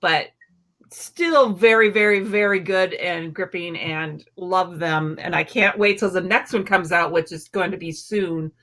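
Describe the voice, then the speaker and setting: A woman librarian guest in a casual chat, easygoing and quick to laugh. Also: lowish voice, fairly bright tone.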